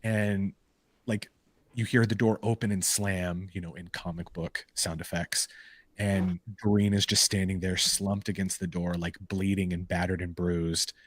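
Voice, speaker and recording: A man co-hosting a podcast, casually retelling comic book stories in an animated way with lots of "like" and "um". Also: low-pitched, measured pace, dry recording. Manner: animated storytelling full of "like" and "um" fillers. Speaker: podcast co-host. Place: live podcast recording.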